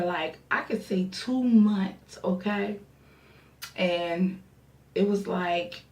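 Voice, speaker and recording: A young adult woman telling a storytime vlog, animated and profane, acting out the voices she quotes. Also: mid-range voice, gravelly, recorded from a distance. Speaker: vlogger. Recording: echoey room, mic set back.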